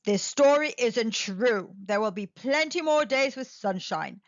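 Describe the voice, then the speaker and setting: A woman doing a calm, wise moose. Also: a little high, no room sound, muffled recording. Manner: calm, measured explaining. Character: calm wise male moose, kindly and steady.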